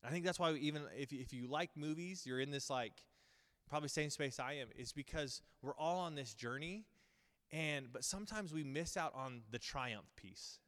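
A man's voice: fairly high pitch, normal speed, fairly bright tone. A man in his thirties preaching a casual, earnest sermon to his Bible school group, rambling with many fillers and restarts. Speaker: pastor teaching a Bible school series. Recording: long reverb of a large hall.

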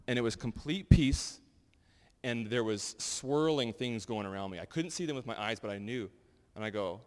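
A man giving a sermon and sharing personal testimonies in a loose, animated, conversational way full of fillers. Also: mid-range voice. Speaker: pastor. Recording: long hall reverb.

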